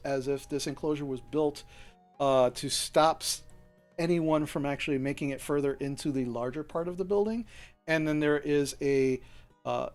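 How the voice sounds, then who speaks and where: Rambling male game master. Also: medium pitch. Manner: casual, rambling, many fillers and restarts. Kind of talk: narrating a tabletop game.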